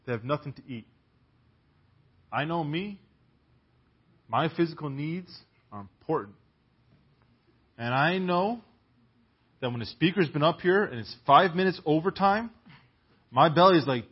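A man's voice: fairly high pitch, very animated, a little slow, long pauses, slightly rough. Man, sermon, emphatic rhetorical questions, muffled lo-fi church recording. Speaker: preacher.

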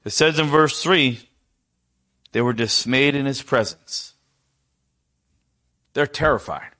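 Middle-aged guy preaching a sermon, mid voice, goes quiet and soft on the tender bits, keeps asking the crowd questions. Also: medium pitch. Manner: dynamic, drops to a near hush for quoted tender lines; asks the congregation rhetorical questions.

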